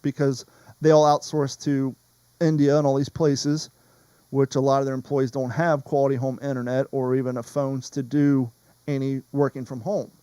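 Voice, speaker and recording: A man's voice: mid-range voice, flat delivery, moderate pace, mellow, clear, resonant tone, no room sound. A man hosting a podcast in casual chat, rambling and wandering off topic. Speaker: podcast host.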